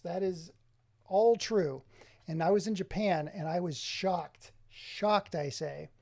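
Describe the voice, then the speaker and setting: Mellow-voiced excitable male streamer. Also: sits high. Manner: excitable, exclaims often, chats with viewers by name. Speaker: streamer showing his game collection. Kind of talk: casual live-stream chat. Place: home office.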